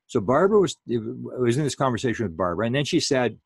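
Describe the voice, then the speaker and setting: A man's voice: medium pitch, very animated, fast, gravelly, breathy edge, no echo. A man giving a public lecture in a rambling way, full of fillers and restarts.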